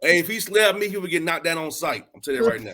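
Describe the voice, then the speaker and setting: A man's voice: on the high side, animated, fast talker, bright, forceful tone. A man from Atlanta, a podcast host talking as a guest in a casual chat, blunt and emphatic, with streetwise slang. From Atlanta, Georgia, US.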